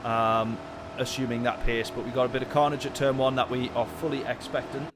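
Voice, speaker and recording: A man commentating live on a sim-racing stream, chatting with viewers in his chat and getting excitable in the race. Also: medium pitch, fairly quick, noisy background. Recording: game music behind voice. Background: game music and car engine sounds.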